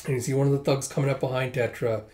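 A man's voice: medium pitch, fairly even intonation, a little mellow. Casual man retelling a manga. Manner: quick play-by-play retelling. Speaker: manga reviewer.

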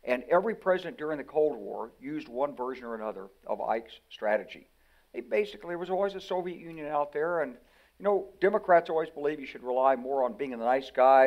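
Older American man, retired-general guest, lively storyteller who acts out quotes. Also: a little high, quick pace, dull audio. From United States. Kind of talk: conversational interview.

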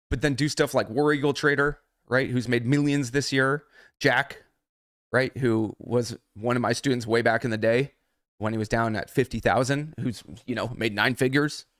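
A man's voice: mid-range voice, fairly bright tone, no room sound, clean studio sound. A man working as a trading mentor, ranting angrily and swearing heavily on a livestream. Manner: angry, heavily profane. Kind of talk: livestream rant.

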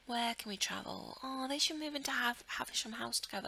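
Woman doing lets play commentary, bright voice, giggles a lot, keeps trailing off into whispers. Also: a little high, moderate pace, gravelly, no room sound, rough recording. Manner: chatty, giggly, thinks aloud; drops into murmurs and whispers. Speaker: let's play host. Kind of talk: casual gameplay commentary.

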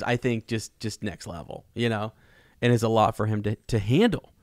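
A man's voice: on the low side, steady tone, moderate pace, dry recording, clean studio sound. A man co-hosting a podcast in a casual book discussion, speaking loosely with many fillers. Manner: loose and chatty, lots of "you know" and "like". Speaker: podcast co-host.

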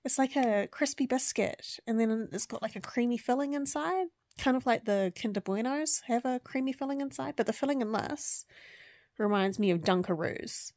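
A woman's voice: fairly high pitch, moderate pace, darkish tone, no room sound, clean studio sound. A woman in her thirties chatting casually at home about books, rambling with lots of fillers and restarts. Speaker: book vlogger. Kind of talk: casual chat.

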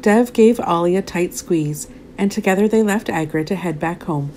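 A woman narrating a children's storybook aloud in an expressive, animated way. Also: lowish voice, normal speed, slight background noise.

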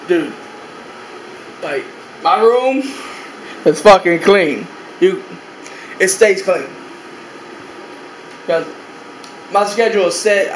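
In a laid-back bedroom vlog, a high-voiced young man rambles on, swearing nonstop and saying his lines over and over. The room is echoey, and air conditioning hums faintly beneath him.

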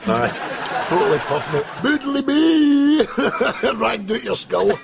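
A laughing Scottish stoner mate. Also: male voice, very high voice, big pitch swings, takes it slowly, creaky, crowd noise, heavily acted. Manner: loose, laughing. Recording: loud background noise.

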